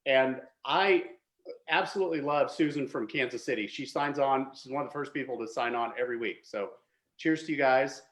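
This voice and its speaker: A man's voice: mid-range voice, fairly quick, a bit bright. A man hosting a virtual wine tasting as the winemaker, joking and chatty with frequent restarts. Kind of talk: casual hosted chat.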